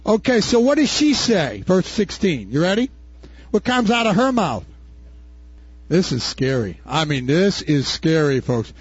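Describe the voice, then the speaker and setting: An older male pastor with a husky, fairly high voice preaches a fervent sermon, swinging from folksy asides to shouted declarations. The recording sounds dull and dry, with no room echo. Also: big pitch swings, a little slow.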